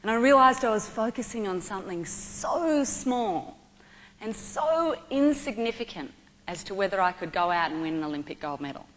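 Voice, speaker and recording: A woman with an Australian accent telling a personal story to an audience, animated and vivid. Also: mid-range voice, moderate pace, slight background noise. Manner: lively, animated storytelling with acted-out quotes. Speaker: motivational speaker. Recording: long hall reverb.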